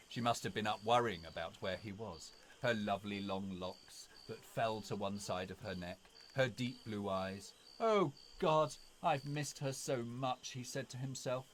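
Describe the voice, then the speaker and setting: A man reading a spooky story aloud in a dramatic, expressive way. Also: lowish voice, slight background noise.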